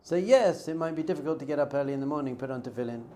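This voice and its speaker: A man's voice: on the high side, rapid-fire, dark tone, a little hiss or hum. A man, a rabbi, giving an informal class, telling stories and acting out bits of dialogue. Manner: conversational, storytelling with acted-out dialogue.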